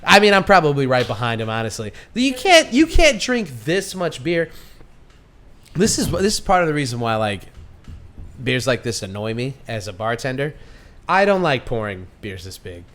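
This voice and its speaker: A man's voice: mid-range voice, big pitch swings, moderate pace, a bit bright. A man co-hosting a podcast, a few beers in, rambling in casual chat with many restarts and frequent laughter. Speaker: podcast co-host.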